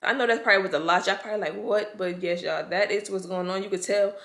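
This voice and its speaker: Speaking at a quick pace in a mid-range voice, a woman vlogs directly to camera about her pregnancy. She sounds overwhelmed, anxious and frustrated, emotional throughout, and keeps addressing viewers as "y'all."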